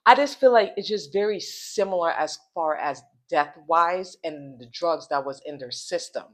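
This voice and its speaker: A woman hosting a casual commentary vlog, rambling along, repeating phrases and restarting sentences, and slowing down to spell out hard words. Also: sits low, animated. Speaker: channel host.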